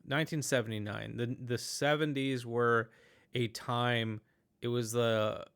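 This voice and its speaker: A man hosting a podcast, chatting casually about a film, talking in animated, rambling bursts with many restarts and fillers. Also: medium pitch, measured pace, clean tone. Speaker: podcast host. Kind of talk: casual movie review chat.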